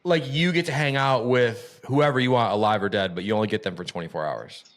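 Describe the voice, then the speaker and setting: A man hosting a podcast, firing off quick questions and hyping his guest with plenty of swearing. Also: on the low side. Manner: profane, hyped, rapid-fire questions. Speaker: podcast host. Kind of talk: casual podcast interview and outro.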